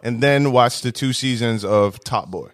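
A man co-hosting a casual podcast chat among friends, animated and quick to laugh. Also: mid-range voice, no echo. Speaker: podcast co-host.

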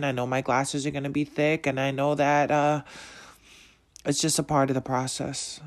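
A man delivers a motivational monologue in a mid-pitched voice. He preaches with slow, emphatic pauses and keeps returning to rhetorical questions. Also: flat delivery. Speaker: motivational speaker.

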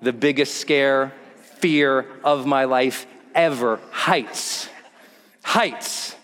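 On stage, a motivational speaker tells a personal story in a keynote, animatedly acting out the scenes and voices. His medium-pitched voice goes very slowly, followed by a long reverb tail.

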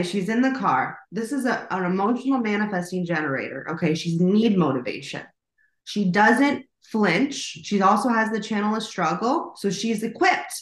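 A woman's voice: medium pitch, sharp tone. A middle-aged woman co-hosting a podcast, telling a rambling, casual story with lots of fillers and swearing. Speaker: podcast co-host. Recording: roomy echo.

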